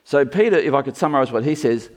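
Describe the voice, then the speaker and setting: A male pastor delivers a sermon to a congregation in a church. He speaks with emphasis, leaning hard on key words and turning to address people in the pews. His voice sits at an ordinary middle pitch. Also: lively intonation, fast. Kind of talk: expository sermon.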